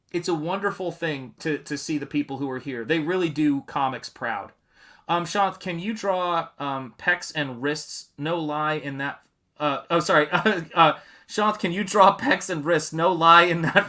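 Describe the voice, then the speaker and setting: A man's voice: on the high side, bright, forceful tone. A man hosting a live painting stream, chatting casually and rambling as he reads out viewer comments. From New England.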